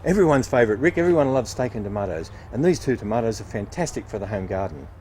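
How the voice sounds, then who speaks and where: A man working as a nurseryman, explaining gardening steps with patient, cheerful energy. His pitch moves a lot as he talks, and faint outdoor traffic sits behind him. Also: big pitch swings, fast talker, mellow. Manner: patient, upbeat explaining while digging and planting. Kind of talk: garden how-to demonstration.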